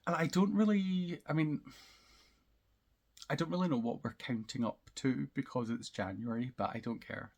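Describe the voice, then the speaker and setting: A man hosting a crafting podcast, chatting in a rambling way with lots of ums and likes and easy laughs. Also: mid-range voice. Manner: laughs easily. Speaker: podcast host. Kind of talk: casual chat about knitting and crochet projects.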